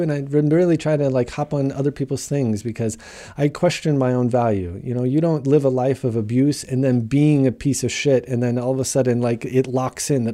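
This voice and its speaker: Very dark-voiced, profane man. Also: medium pitch, fairly even intonation, moderate pace. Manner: raw, heavily profane, emphatic; rambling, repeats and restarts phrases. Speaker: motivational speaker sharing his recovery story. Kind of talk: candid personal monologue.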